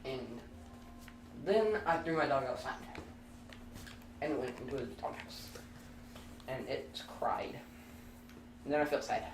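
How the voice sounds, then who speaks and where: A man's voice: medium pitch, animated, measured pace, long pauses. A young man telling a goofy improvised story in a casual comedy chat, full of interruptions and running gags. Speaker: co-host. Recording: distant mic in an echoey room with noise.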